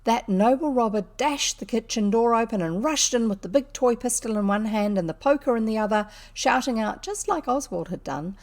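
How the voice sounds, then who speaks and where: A woman reading a classic children's novel aloud in a lively, unhurried way, with a few slips. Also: fairly high pitch. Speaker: audiobook reader. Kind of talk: storybook narration.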